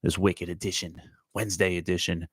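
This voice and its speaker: A low-voiced man rambles through his own morning show, blunt and full of swearing. He talks straight to his viewers while out walking. The sound is dry and close. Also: little pitch movement, fairly quick, breathy edge, dry recording, low-quality recording. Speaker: host of a morning talk show. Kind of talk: casual rambling chat on a morning walk. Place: outdoors, walking.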